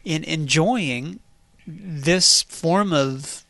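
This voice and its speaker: High-voiced wry man co-host. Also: drawn-out words, gravelly, dry recording. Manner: wry, deadpan one-liners. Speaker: podcast co-host. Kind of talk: casual podcast banter.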